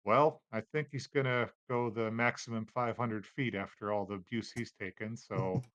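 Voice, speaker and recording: A man narrating as game master of a tabletop game, relaxed, with many fillers. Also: lowish voice, moderate pace.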